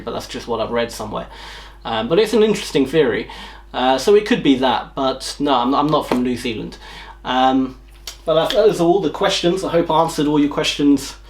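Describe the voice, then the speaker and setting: A man talking casually in a Q&A vlog, rambling a little with frequent ums and self-corrections. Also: medium pitch. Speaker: YouTube vlogger.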